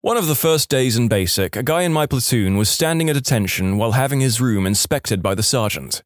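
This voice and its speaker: Guy narrating reddit-style stories, wry, bouncy pitch, dry close mic. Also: no room sound. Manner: dry, wry storytelling with quoted dialogue. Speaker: story narrator. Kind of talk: scripted narration of online stories.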